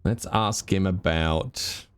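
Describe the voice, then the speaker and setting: A man giving chatty, animated commentary while live streaming a video game. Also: deep voice, takes it slowly, smooth. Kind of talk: casual gameplay commentary.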